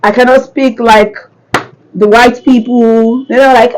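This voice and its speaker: A Nigerian woman giving animated commentary on a clip. Her voice sits a little high, and she presses each point home by repeating it. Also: unhurried, a little hiss or hum, rough recording. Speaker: reaction video host. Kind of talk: casual commentary.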